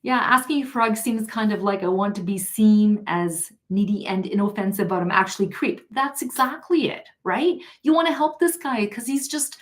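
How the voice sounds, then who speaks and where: A woman's voice: medium pitch, moderate pace, hardly any pauses. A woman hosting a tarot live stream, telling a story in a casual, chatty way and often laughing as she reads viewer comments. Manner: chatty, laughs often, many fillers and restarts.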